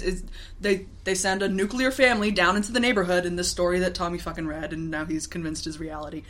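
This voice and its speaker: A woman's voice: on the low side, fairly even intonation, a little fast, a bit bright. A young woman co-hosting a podcast, recapping a TV episode in a rambling, laughing way full of fillers. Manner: rambling, lots of fillers and laughs, acts out characters. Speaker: podcast co-host. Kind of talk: casual chat recapping a TV episode.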